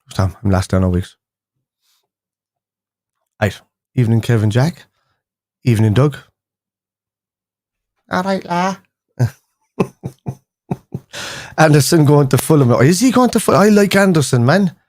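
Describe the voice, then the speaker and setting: A man's voice: mid-range voice, lively intonation, normal speed, long pauses, a little mellow, dry recording, clean studio sound. A young man hosting a casual fan live stream, chatting loosely with viewers and rambling through restarts and fillers. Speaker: fan show host.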